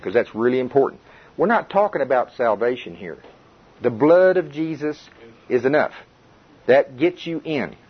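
Man, Bible study teacher, husky voice, folksy and repetitive, dull lo-fi recording. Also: mid-range voice. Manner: folksy, repeats himself, restarts, questions the group. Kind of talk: informal teaching to a small group. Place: indoor room with a group.

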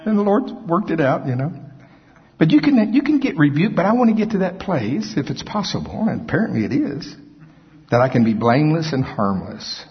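A man preaching a sermon as pastor, telling folksy stories with self-mocking humor and a husky, raspy voice. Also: fairly high pitch, big pitch swings, fairly quick. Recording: echoey hall, dull lo-fi sound.

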